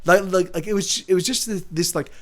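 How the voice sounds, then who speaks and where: Man, high-pitched voice, casual rambling monologue, lots of swearing, restarts, stream host. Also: fairly quick. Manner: profane, repetitive, restarts often; answers chat readers by name. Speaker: livestream host.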